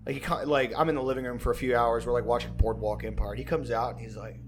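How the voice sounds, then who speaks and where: A man's voice: medium pitch, steady tone, fast, a little hiss or hum. A man telling a rambling, profane story in casual chat, acting out his own quotes along the way.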